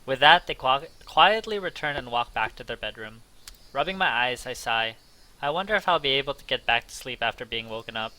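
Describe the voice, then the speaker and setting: Bright-voiced man reading a game aloud. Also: mid-range voice, expressive, fairly quick, low-quality recording. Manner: casual, jokey asides with swearing. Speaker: let's play host. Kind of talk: reading visual novel narration aloud.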